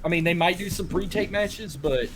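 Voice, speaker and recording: A man's voice: high-pitched, moderate pace, a bit bright. Cajun-accented man, loose rambling podcast chat, salty language. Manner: rambling, profane, heavy on filler "like". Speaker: podcast co-host.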